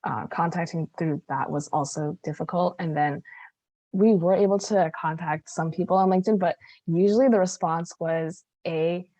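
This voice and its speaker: A woman's voice: lowish voice, moderate pace, mellow, no room sound. A woman founder talking casually and hesitantly, with many fillers. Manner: hesitant, filler-heavy talk. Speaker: student founder. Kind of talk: casual chat.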